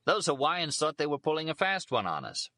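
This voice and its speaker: Narrator putting on a loud, crude ballplayer type, pitched up and bright, for an audiobook reading. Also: male voice, wildly swooping pitch, fairly quick, no echo, heavily acted. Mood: irritated. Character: brash crude famous male ballplayer telling stories.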